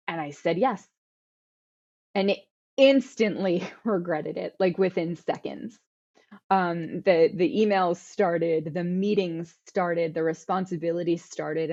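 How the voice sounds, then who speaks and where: A woman's voice: fairly low pitch, a little mellow. Earnest woman on a dull line. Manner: earnest, self-correcting with repeated words and fillers. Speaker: guest author. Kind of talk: conversational interview answers.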